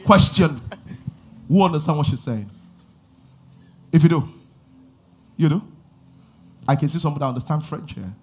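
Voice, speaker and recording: A man preaching a sermon as pastor, asking the congregation questions and building to shouted passages. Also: a little high, lively intonation, normal speed, long pauses, breathy edge.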